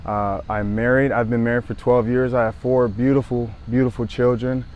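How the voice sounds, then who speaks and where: A man in his thirties from Southern California who speaks earnestly and haltingly, often repeating phrases as he tells a personal story to the camera. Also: mid-range voice, flat delivery, lo-fi sound. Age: 30s. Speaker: former pro football player sharing his story.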